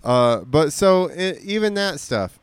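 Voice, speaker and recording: Animated man with a smooth voice. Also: a little high, slow pace, dry recording. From Georgia, USA. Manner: animated, swearing, jokey. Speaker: podcast co-host. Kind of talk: casual chat.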